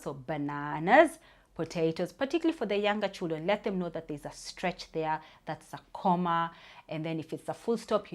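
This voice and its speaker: A speech therapist explaining reading tips to parents in an informal, talky way, with many fillers and restarts. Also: female voice, fairly low pitch.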